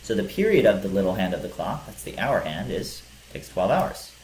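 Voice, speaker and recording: A man's voice: low voice, sing-song, moderate pace, darkish tone. A male teacher giving a physics lecture, explaining step by step with some fillers. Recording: echoey room with faint hiss.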